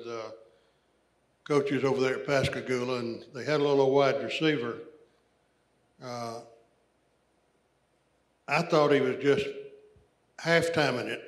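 An older man, a retired college football coach, telling a folksy, rambling anecdote into a handheld mic in a church. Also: medium pitch. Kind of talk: informal remarks at church. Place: church sanctuary. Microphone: handheld microphone. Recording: roomy church sound.

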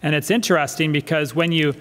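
A man's voice: a little high, fairly even intonation, a little fast, a bit bright. A male pastor preaching a sermon in a church, emphatic and fond of repeating his key phrases. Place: church sanctuary. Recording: church hall reverb.

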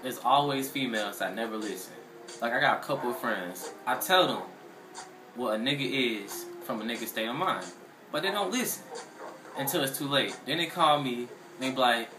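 A man delivering a profane comedic rant, animated and full of slang, acting out friends' voices. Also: medium pitch, moderate pace. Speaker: comedic commentator. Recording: roomy and distant from the mic, with music behind.

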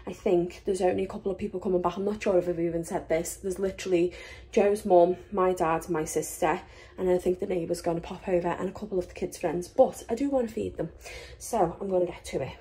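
A family vlogger with a low, steady, mellow voice talks a little fast as she preps food in her home kitchen. Her casual cooking narration is matter-of-fact and full of fillers.

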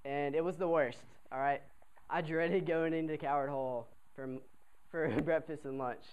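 A young man, a college cadet, telling a comic story to an audience in a chatty, animated way, often asking the crowd to answer him. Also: on the high side, unhurried, clear, resonant tone, highs cut off. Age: young adult.

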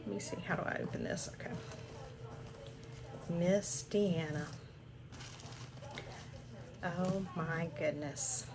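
Gushing older woman, slow-spoken. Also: fairly low pitch. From southern United States. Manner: gushing, breathless exclamations and gasps. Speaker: crafting channel host. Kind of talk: unboxing vlog. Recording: home recording with background noise.

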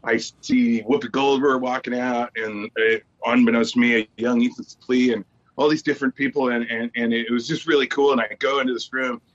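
A man in his forties, a guest actor on a podcast, tells a story in a lively stand-up style, jumping into voices for the people he quotes. His voice is medium-pitched and brisk, and the lo-fi audio sounds slightly dull.

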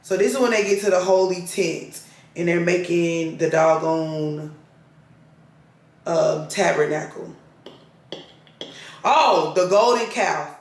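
Woman vlogger, gravelly and chatty, recorded in an echoey room. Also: fairly low pitch, slow pace, long pauses. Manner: chatty, drawling asides, laughs to herself. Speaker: lifestyle vlogger. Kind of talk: casual chat while reading scripture aloud. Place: at home, indoors. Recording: roomy echo.

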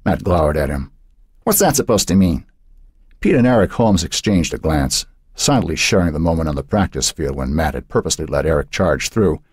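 A man narrating an audiobook with expressive storytelling. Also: a bass voice, brisk, few pauses, husky, dry recording, clean studio sound. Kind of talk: scripted narration.

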